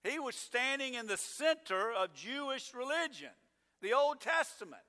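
A middle-aged man preaching a sermon as pastor, swinging from loud emphatic declarations down to low, quiet asides. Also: big pitch swings, normal speed. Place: church sanctuary. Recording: long church hall reverb.

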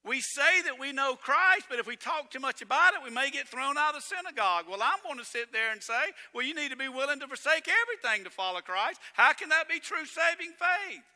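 A man preaching a sermon as pastor, swinging between loud emphatic lines and hushed ones. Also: extremely high pitch, animated, brisk, few pauses, big-room sound.

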